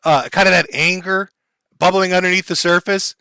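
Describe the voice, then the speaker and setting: A man commentator explaining a stream clip to his chat in a measured way, with many fillers. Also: sits high, fairly even intonation, pushed and bright, smooth, dry recording.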